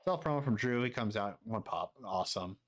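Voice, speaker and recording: A man giving quick, offhand commentary as he plays a wrestling management game. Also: on the low side, expressive. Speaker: gaming streamer.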